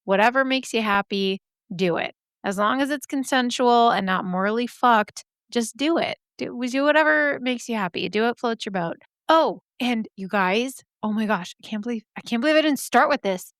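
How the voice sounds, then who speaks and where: A woman's voice: on the high side, normal speed, a bit bright, no room sound, studio quality. A young woman hosting a podcast, chatting casually in a gushing way that swears freely, her voice a little scratchy today. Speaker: podcast host. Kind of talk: casual chat.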